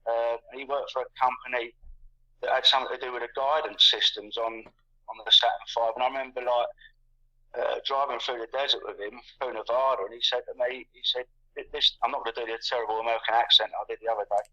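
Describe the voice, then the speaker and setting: An English man in his sixties, a guest in a casual conversation, meanders as he talks, repeating words and layering fillers. His mid-range voice is sharp and fast, with fairly even intonation, heard over muffled, lo-fi call audio.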